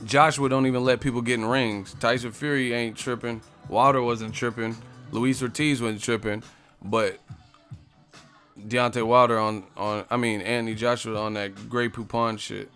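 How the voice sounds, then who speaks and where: Gravelly-voiced profane boxing streamer. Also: male voice, mid-range voice, steady tone, normal speed, a bit bright, faint music behind. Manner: profane, laughing, joking. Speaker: boxing channel host. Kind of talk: casual live-stream rant.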